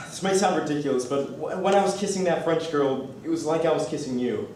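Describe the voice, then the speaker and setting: A man's voice: fairly high pitch, a little fast, darkish tone, a little hiss or hum, lightly acted. A man playing an earnest, lovesick young groom in a stage musical. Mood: pleading. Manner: earnest and pleading. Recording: echoey stage from far off.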